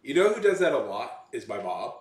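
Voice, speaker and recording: A man's voice: mid-range voice, big pitch swings, fairly quick. A man chatting casually to his viewers, rambling and often restarting his sentences. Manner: meandering, many false starts and self-corrections. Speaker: vlogger. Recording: echoey room.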